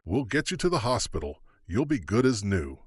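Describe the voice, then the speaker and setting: A man voicing a steady, helpful male courthouse marshal who speaks briskly and reassuringly. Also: fairly low pitch, husky, no echo, clean studio sound.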